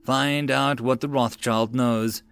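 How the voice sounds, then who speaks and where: A man's voice: mid-range voice, fairly even intonation, slow, fairly bright tone, clear, resonant tone, dry recording. A man voicing a cold, scheming male army lord giving orders. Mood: commanding. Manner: commanding, clipped.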